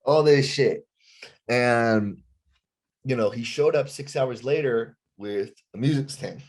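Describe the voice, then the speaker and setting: A man's voice: mid-range voice, slow. A man, a rock band frontman, telling a heated story on a podcast with plenty of profanity and acted-out quotes.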